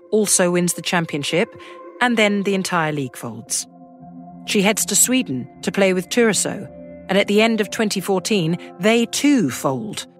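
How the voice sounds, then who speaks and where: A woman host reading scripted documentary narration in a measured storytelling manner. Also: fairly low pitch.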